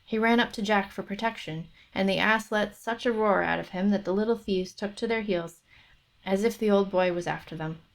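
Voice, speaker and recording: A woman's voice: medium pitch, normal speed, vocal fry. A woman reading a folk tale aloud for her book club stream, stopping for chatty asides. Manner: chatty, thinks aloud between passages.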